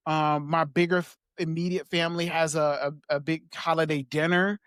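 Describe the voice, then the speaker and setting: A man as a podcast guest, talking in a soft, halting way with small laughs as he reflects on personal memories. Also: on the high side, flat delivery, smooth, dry recording, studio quality.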